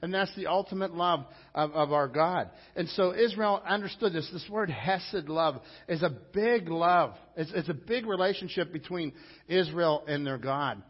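A man preaches a sermon in a fairly high, emphatic voice, talking to the congregation in a conversational way. The recording is dull and lo-fi, and a long reverb trails after his words. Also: normal speed, husky. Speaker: pastor.

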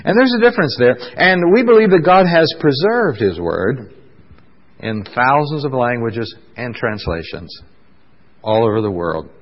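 A man's voice: medium pitch, big pitch swings. Male pastor, casual sermon delivery with many "uh"s, long echoing hall, muffled lo-fi sound. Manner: conversational, fills pauses with "uh", asks the congregation questions.

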